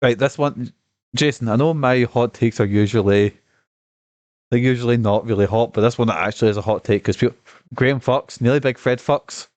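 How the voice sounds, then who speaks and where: A man commenting on a game during his stream, rambling, profane and excitable, with a cough. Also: mid-range voice, moderate pace, dry recording. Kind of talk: casual gaming stream commentary.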